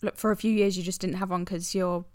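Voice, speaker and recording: A woman's voice: fairly low pitch, level tone, fast, darkish tone, dry recording. Chatty British woman podcaster, dry sound. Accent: British English. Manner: chatty, frank, swears casually. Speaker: podcast co-host. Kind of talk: casual chat.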